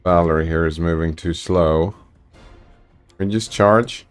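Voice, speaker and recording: A man's voice: low-pitched, unhurried, clear, resonant tone, soft background music. A man streaming a game, chatting casually and reading out viewer messages in a laid-back way. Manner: laid-back, chatty, reads chat aloud. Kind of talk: casual gameplay commentary.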